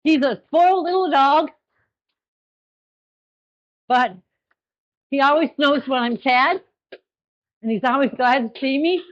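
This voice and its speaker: A woman leading a group session, gentle, encouraging and playful. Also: sits high, slow, pauses often, lo-fi sound. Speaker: workshop facilitator.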